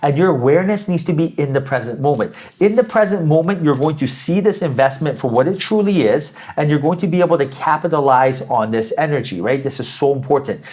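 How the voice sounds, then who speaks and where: A man's voice: on the high side, animated, brisk, hardly any pauses, a little mellow. A man giving a spiritual tarot reading, upbeat and emphatic, often tagging his points with "right?" and repeating phrases. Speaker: tarot reader.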